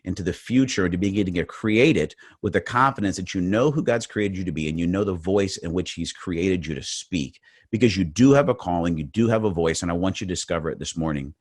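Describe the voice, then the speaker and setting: A man's voice: deep voice, a little fast, slightly rough, dry recording, studio quality. A middle-aged man giving a faith-based motivational webinar talk, earnest and prone to repeating words as he builds each point. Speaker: motivational speaker.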